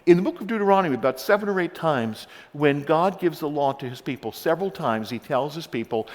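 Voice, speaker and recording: A man's voice: a little high, expressive, brisk, hardly any pauses. A male pastor reading scripture and preaching a sermon, telling stories animatedly with frequent repeated starts. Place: church sanctuary. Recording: long church reverb.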